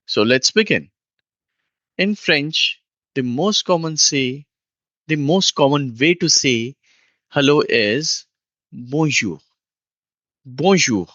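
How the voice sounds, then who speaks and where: A man teaching a beginner language lesson, speaking slowly and patiently and repeating each phrase for the listener to copy. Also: mid-range voice, pushed and bright, no echo. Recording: dull lo-fi dry sound.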